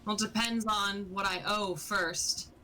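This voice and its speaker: A woman plays a greedy smuggler stuck in a prison cell, matter-of-fact and ambitious. Her voice is bright and forceful, with faint background noise. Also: mid-range voice, fairly even intonation, a little slow, poor audio.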